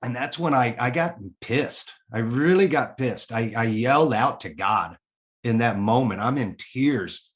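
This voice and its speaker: A middle-aged man from the Kansas City area, a guest in a casual interview, telling his own story in an animated way, swearing freely and voicing his own thoughts aloud. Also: mid-range voice, unhurried.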